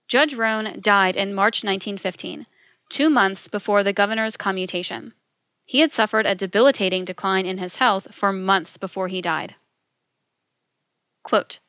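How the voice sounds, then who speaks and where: A woman narrating a script in a measured, even reading, stating each point plainly and in turn. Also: mid-range voice, no echo, studio quality. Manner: measured, flat reading of quotes and rebuttals.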